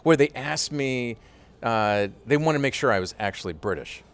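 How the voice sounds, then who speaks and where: A man, a voice actor being interviewed, telling stories in a lively way with many fillers like "uh" and "you know". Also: medium pitch, normal speed, clear, resonant tone. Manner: animated storyteller with frequent fillers. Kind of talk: casual interview chat.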